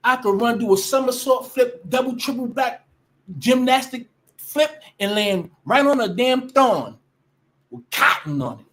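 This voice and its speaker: A woman's voice: a little high, expressive, unhurried, a bit bright, a little hiss or hum. Blunt, profane woman ranting. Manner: blunt, profane and emphatic, with many restarts. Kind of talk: casual rant to camera.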